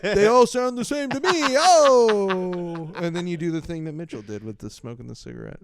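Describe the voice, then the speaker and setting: Male podcast host, sarcastic comic chat; slightly high, smooth tone. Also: expressive, moderate pace, no echo, clean studio sound. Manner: sarcastic, joking, laughs often. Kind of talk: casual comedy chat.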